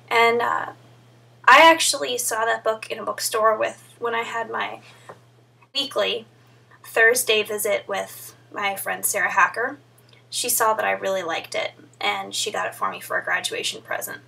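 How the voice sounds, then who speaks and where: A woman's voice: fairly high pitch, creaky, bright, forceful tone, breathy edge, far from the mic. A young woman vlogging in a chatty way, answering friends one by one by name. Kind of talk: casual vlog chat.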